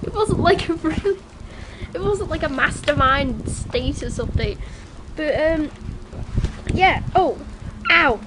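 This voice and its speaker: Tired, giggly high-voiced teen girl. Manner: rambling, giggly, many restarts. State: very tired after a night out. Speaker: vlogger. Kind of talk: casual chatty video diary. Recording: noisy home ambience.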